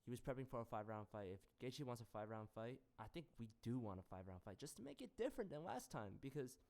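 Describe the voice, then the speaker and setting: A young man hosting a casual solo rant, rambling with lots of fillers, jumping between loud bursts and mumbled asides. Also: mid-range voice, big pitch swings, fast, vocal fry. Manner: rambling, filler-heavy, frequent "like" and "um". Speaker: MMA commentary channel host.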